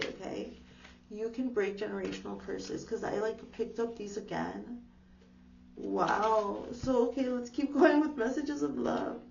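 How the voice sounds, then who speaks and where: Gravelly-voiced woman giving a tarot reading. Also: mid-range voice. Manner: gentle, reassuring, uses lots of "like". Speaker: tarot reader. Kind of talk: casual spiritual tarot reading. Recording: echoey room, distant dull mic, faint hum.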